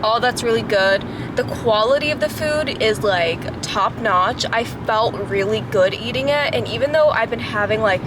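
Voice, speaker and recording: A woman's voice: a little high, normal speed. A woman chatting casually to camera as a travel vlogger, filling her talk with frequent "like"s. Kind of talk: casual vlog chat to camera. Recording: background noise, outdoors and in car.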